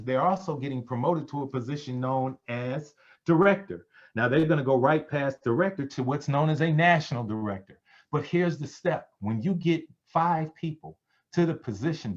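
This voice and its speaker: A man giving a sales pitch on a conference call, preachy, calling his listeners family. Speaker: presenter on a business call. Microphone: conference call line. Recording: dull lo-fi call audio.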